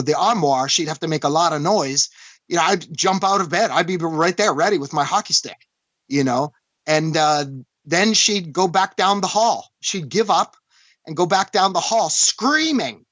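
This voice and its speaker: A man from Canada, recounting a personal story as an interview guest in an earnest, halting way, often restarting and saying "you know". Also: fairly high pitch, fairly bright tone, dry recording. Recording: dull, dry lo-fi recording.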